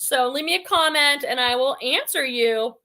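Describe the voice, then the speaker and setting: A chatty woman from the Boston area hosts a live stream and talks casually with her viewers. Her voice sits high and sounds bright and forceful, and she laughs easily between comments. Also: moderate pace. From Boston area, New England. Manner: chatty and bubbly, laughs often. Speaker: host of a reselling livestream.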